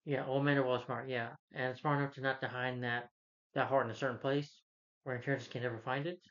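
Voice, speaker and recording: A man's voice: mid-range voice, level tone, quick pace, a bit bright, highs cut off. A man giving a casual, opinionated movie review, rambling with many restarts and fillers.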